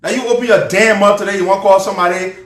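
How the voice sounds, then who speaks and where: A man's voice: high-pitched, steady tone, very fast, a bit bright, roomy sound. A man with a Liberian accent, ranting and mocking in angry live political commentary.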